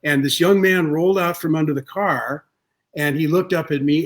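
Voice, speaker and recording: A man being interviewed as a guest author, telling stories in an unhurried, thoughtful way with many pauses. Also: a little high. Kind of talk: relaxed storytelling in an interview.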